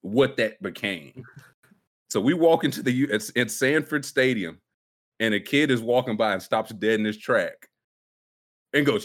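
A man's voice: mid-range voice, moderate pace, long pauses, fairly bright tone. A man hosting a podcast in casual chat, joking and putting on silly voices as he tells stories. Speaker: podcast host.

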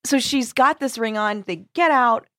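A woman's voice: a little high, moderate pace, pushed and bright, dry recording, clean studio sound. A woman co-hosting a podcast, casually retelling a plot with acted quotes and frequent fillers. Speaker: podcast co-host.

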